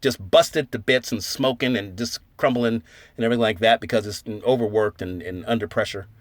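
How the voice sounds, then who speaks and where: Speaking briskly in a lowish voice, the host of a silver stacking channel tells a playful invented tale on his casual vlog, chuckling while he performs the characters' lines.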